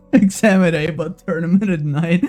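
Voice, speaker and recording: A live streamer with a mid-range voice delivers loud, profane gaming commentary over faint background music. He's excitable, flipping quickly between giddy and exasperated.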